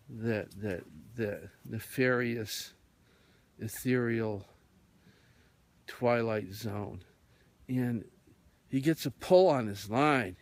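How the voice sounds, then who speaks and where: Brief: male radio host spinning a rambling tale, slow and full of fillers, mid-pitched voice. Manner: meandering, with many fillers. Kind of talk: rambling storytelling monologue.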